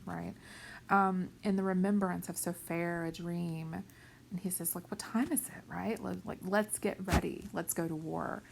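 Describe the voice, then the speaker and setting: A woman teacher speaks slowly with a gravelly edge. She explains the play plainly, checks in with "right?" and "okay?", and drops into a soft whisper for some quoted lines. A faint hiss sits under the recording. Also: fairly low pitch. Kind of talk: lecture on a play.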